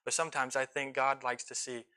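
A man preaching a sermon with impassioned delivery, swinging between loud pleading and quiet intensity. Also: mid-range voice, flat delivery, brisk, clear, resonant tone. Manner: impassioned, rising and falling in volume; emotional.

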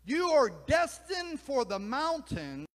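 A man's voice: very high voice, wildly swooping pitch, extremely slow, a little mellow, heavily acted. A man voicing a wise male owl who counsels a lost eagle, urging him emphatically. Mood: urgent. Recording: long hall reverb.

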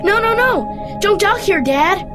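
A woman's voice: very high voice, animated, slow pace, pitched above the performer's own voice, full character voice. Woman reading as a panicky little girl. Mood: panicked. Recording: music playing underneath.

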